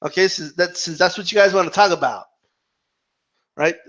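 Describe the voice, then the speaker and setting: Over a dull lo-fi recording, a man vents about boxing in a profane vlog rant, stumbling over repeated words as he argues with imagined fans. His voice sits high and is a bit bright, and he keeps a moderate pace.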